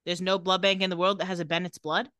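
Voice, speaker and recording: Bright, lively woman co-host, dry close sound, recapping a show in casual chat. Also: lowish voice, dry recording. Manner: animated, reads out scenes with quick quoted lines. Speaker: podcast co-host.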